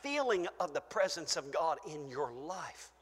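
An older man preaching a fervent sermon as pastor in a church, shouting praise and then dropping to a hush. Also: a little high, very animated, a little slow. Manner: shouting, exclaiming hallelujah, swinging between loud and soft. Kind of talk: pentecostal sermon. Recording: church hall reverb.

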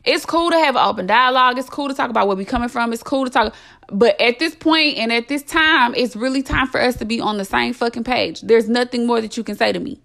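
A woman's voice: a little high, fast talker, vocal fry, fairly bright tone. A young adult woman hosting a podcast, delivering a blunt, impassioned monologue full of swearing and emphatic repetition. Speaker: podcast host.

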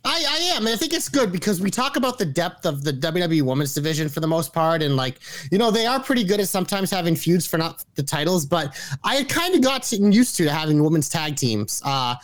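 Male podcast co-host, high-pitched, lively and profane, ribbing his partner. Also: a little fast, no room sound. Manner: animated, profane, teasing banter. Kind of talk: casual chat.

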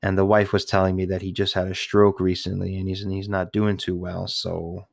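A man's voice: low voice, monotone, fairly quick, vocal fry, no echo, studio quality. A man talking to his listeners in a casual, rambling monologue. He swears a lot, talks nonstop and restarts his sentences often. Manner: profane, chatty, restarts often. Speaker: retail worker talking to listeners.

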